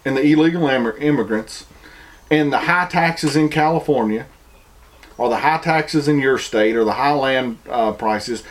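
A man's voice: mid-range voice, a little slow. A man with a Southern American accent, delivering an opinion monologue full of rhetorical questions and mocking imitations.

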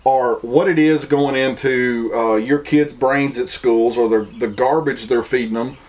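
A man's voice: mid-range voice, steady tone, unhurried, darkish tone. A man with a Southern American accent, delivering an opinion monologue full of rhetorical questions and mocking imitations.

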